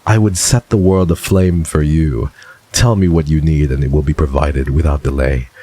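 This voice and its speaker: A man's voice: rumbling low, steady tone, moderate pace, warm tone, breathy edge, pitched below the performer's own voice. A man putting on the voice of a smug, flirtatious charmer who purrs pet names at the listener. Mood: seductive. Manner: suave, purring, calls the listener kitten. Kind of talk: dramatic reading in a put-on voice.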